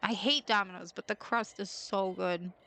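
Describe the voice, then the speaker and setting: Bright, playful woman streamer. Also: medium pitch, fairly even intonation, normal speed, low-quality recording. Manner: chatty and playful, giggling at her own jokes. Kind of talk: casual chat while gaming.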